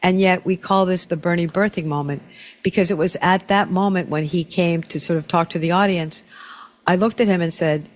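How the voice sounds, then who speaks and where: A middle-aged man hosting an interview, telling stories in a lively, restarting way. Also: high voice, moderate pace. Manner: storytelling, animated with frequent restarts. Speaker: talk show host. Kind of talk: casual conversational interview.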